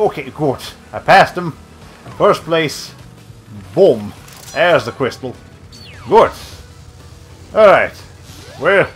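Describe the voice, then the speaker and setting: A man's voice: mid-range voice, a bit bright. Rambling man streaming a game. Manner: rambling, self-interrupting, with many fillers. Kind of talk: casual gameplay commentary.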